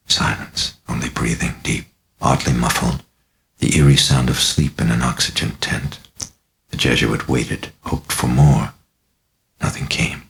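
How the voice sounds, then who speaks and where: A man narrating an audiobook of his own novel with a deliberate, dramatic reading. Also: extremely low pitch, vocal fry, a bit bright.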